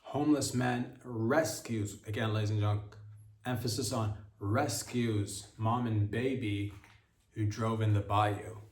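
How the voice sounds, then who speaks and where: A man hosting a podcast, giving a deadpan satirical comedy monologue with mock-earnest sarcasm aimed at his audience. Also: on the low side, measured pace, reverberant. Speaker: podcast host.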